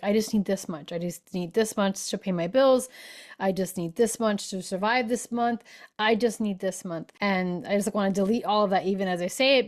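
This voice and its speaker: A middle-aged woman hosts a spiritual podcast in a relaxed, conversational way. She acts out the voices she quotes, with animated swings in pitch and loudness. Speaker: podcast host. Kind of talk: casual spiritual podcast talk.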